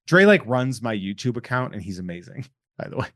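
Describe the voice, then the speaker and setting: A man's voice: mid-range voice, big pitch swings, fairly quick, fairly bright tone, no room sound. Joking male podcast host, dry sound. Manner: rambling, jokey, self-deprecating. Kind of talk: casual chat.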